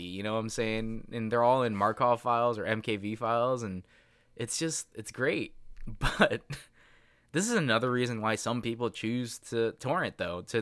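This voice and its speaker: A man's voice: mid-range voice, fairly bright tone, no echo, studio quality. American man, swearing casual podcaster. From United States. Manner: profane, rambling, emphatic. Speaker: podcast co-host. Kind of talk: casual chat.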